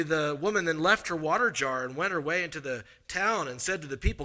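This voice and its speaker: A man preaching a sermon, swinging from emphatic raised passages to low, confiding asides. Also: fairly quick, hardly any pauses. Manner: animated, rising to emphatic bursts, then dropping low and confiding.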